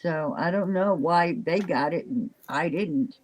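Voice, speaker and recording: A woman's voice: low voice, a little slow, noisy background. An older woman, worn out, chatting casually on a live stream in a rambling way. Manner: rambling, chatty, trails off with fillers. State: exhausted. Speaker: live stream chat participant. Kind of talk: casual chat.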